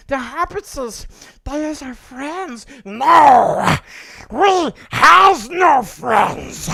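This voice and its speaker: A man doing an impression of a wretched creature who argues with himself in broken grammar, hissing and creaky. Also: extremely high pitch, pushed and bright, voice pushed up, exaggerated voice, poor audio. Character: wretched hissing male creature, split mind, obsessed.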